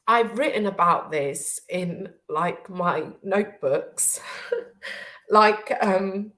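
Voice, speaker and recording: A woman's voice: mid-range voice, very slow, fairly bright tone. A woman speaking as a podcast guest, tearful and hesitant, with many "um" and "you know" fillers. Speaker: guest, business owner. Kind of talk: casual conversation.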